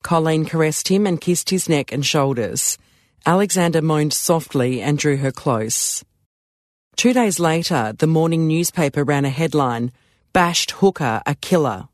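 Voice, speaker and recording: A man reading an audiobook as narrator, in a measured, even storytelling manner. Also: a little high, no echo, clean studio sound.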